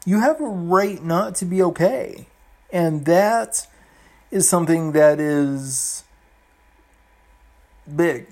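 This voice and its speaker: A man in his forties talking earnestly and gently to the camera, halting often and restarting his sentences, with soft emotional laughs. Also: fairly high pitch, expressive. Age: 40s. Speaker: vlogger. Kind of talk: heartfelt personal talk to camera.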